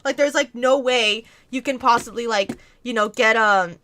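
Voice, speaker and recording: Young woman streamer, bright tense tone, loose rambling chat full of fillers and cursing. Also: fairly high pitch, moderate pace. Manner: rambling, heavy "like" filler, frequent swearing. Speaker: streamer answering viewer questions. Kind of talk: casual storytelling chat.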